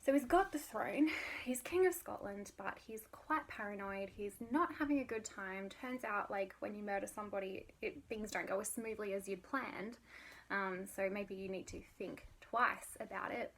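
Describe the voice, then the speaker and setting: A woman's voice: medium pitch, moderate pace, vocal fry. A young adult woman giving a casual literature lesson, chatty with many fillers and dropping into whispers at times. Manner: chatty, lots of "like", drops into whispers. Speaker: literature teacher.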